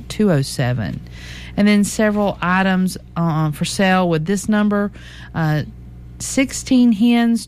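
A woman from the American South co-hosts local radio, chatting casually before slowly reading out classified listings and phone numbers. Her Southern US accent comes through in a medium-pitched, slightly mellow voice.

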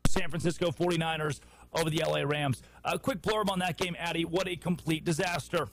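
A man from the United States hosting a sports radio show, talking football in a wry, opinionated way with quick asides. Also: fairly high pitch, fairly even intonation, poor audio. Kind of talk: casual sports talk.

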